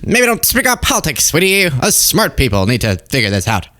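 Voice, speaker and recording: A man's voice: fairly high pitch, huge pitch swings, fairly quick, pushed and bright, heavily acted. A man putting on a sneering, condescending woman pundit who calls people sweetie. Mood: mocking.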